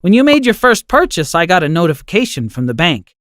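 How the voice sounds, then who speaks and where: Tts narrator doing sweet calm granny, soothing, kinda bouncy voice. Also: female voice, lowish voice, a little fast, dry recording, clean studio sound, voice pushed up. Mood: gentle. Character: kind gentle grandmother, forgiving and calm.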